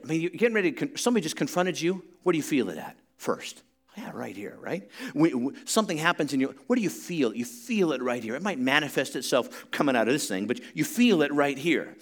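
Guy preaching a sermon, chatty teaching then gets loud and climbs way up in pitch, has the crowd repeat words back. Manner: conversational teaching that builds to loud, high-pitched emphasis; leads the congregation in call-and-response. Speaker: pastor.

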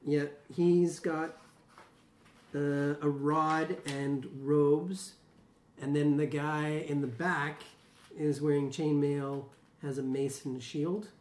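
Unhurried tabletop game master. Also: medium pitch, steady tone, darkish tone, far from the mic. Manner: unhurried, laughs easily. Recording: echoey room with faint hiss.

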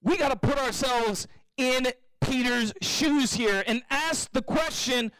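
Animated pastor in an echoey hall. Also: male voice, extremely high pitch, slow. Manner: animated, joking, acts out quotes. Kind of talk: sermon. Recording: echoey hall, mic from far off.

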